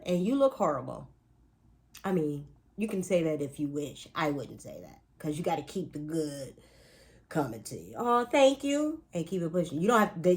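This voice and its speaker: A woman talking casually to viewers in a spiritual pep talk, chatty and emphatic, with playful asides and speech. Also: lowish voice. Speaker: astrology and spiritual reader.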